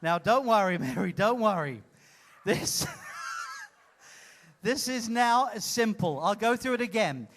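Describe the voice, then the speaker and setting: A man hosting a live comedy show, teasing an audience member in a playful, loud way. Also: sits high, animated, slow, pauses often, a little hiss or hum. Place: cruise ship theater stage.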